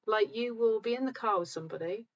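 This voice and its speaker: A calm, gentle woman hosting a live session, talking reassuringly to viewers while sounding a bit tired. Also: medium pitch, quick pace, muffled recording. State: tired, low energy. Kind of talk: live-stream talk answering viewer comments.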